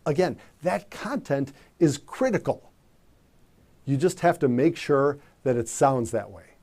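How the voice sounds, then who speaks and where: Mellow-voiced male communication coach. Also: fairly high pitch. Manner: measured, emphatic coaching delivery with demonstrations. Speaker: communication trainer. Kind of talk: instructional presentation.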